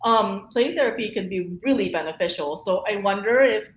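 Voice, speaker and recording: A woman therapist talking as a guest in a casual interview, chatty and animated, with frequent laughs and fillers. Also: medium pitch, normal speed. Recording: roomy echo, faint room noise.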